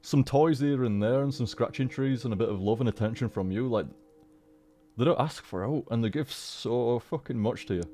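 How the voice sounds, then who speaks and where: A man chatting casually on a live stream, rambling with halting restarts and frequent swearing. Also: mid-range voice, dark tone, soft background music.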